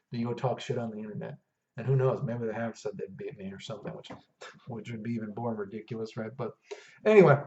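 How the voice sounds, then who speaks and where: A man's voice: medium pitch, warm tone, recorded from a distance. A man hosting a gaming video, delivering a heated, profane, rambling rant with lots of fillers. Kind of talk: unscripted rant to camera. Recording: dull lo-fi recording.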